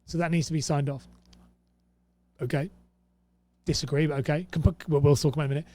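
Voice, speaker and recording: A man's voice: fairly high pitch, fairly even intonation, quick pace, warm tone. A young man hosting a casual commentary, reading rules aloud and reacting with exasperated sarcasm. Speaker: host.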